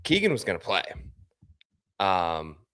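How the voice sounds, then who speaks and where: A man's voice: low-pitched, huge pitch swings, unhurried, fairly bright tone, clear, resonant tone, no room sound, clean studio sound. A man co-hosting a casual golf betting podcast, explaining his views with confident, opinionated certainty. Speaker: podcast co-host. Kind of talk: casual sports betting chat.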